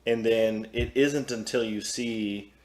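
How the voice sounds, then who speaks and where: Male podcast co-host, lowish voice, halting reflective chat, roomy echo. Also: fairly even intonation, slight background noise. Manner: hesitant, filler-heavy musing. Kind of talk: casual chat. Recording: echoey room.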